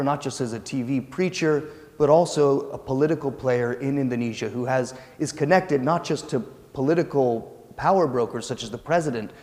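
A man gives an academic lecture, explaining in a relaxed, conversational way with small hesitations. His voice sits at a middle pitch. A long reverb follows his words through a large lecture hall.

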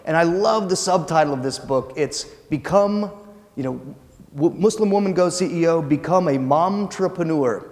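A man's voice: fairly high pitch, moderate pace, a little mellow, big-room sound. A man giving an academic lecture in a conversational, explanatory way with occasional hesitations.

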